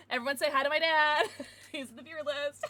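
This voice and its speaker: Brief: young female livestreamer, giggly and chatty with her viewers, high and animated. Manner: giggly, chatty, talking to chat. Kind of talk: casual livestream chat.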